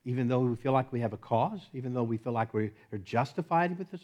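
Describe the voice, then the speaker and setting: A middle-aged man preaching a sermon as pastor, swinging from loud emphatic commands to soft, hushed lines and laughing often. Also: medium pitch, fast talker, hardly any pauses.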